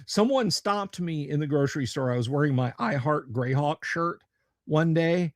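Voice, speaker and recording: A man's voice: a little high, expressive, normal speed, no room sound. A man hosting a casual live stream from a home studio, rambling and joking with viewers, with stammering restarts. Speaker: livestream host.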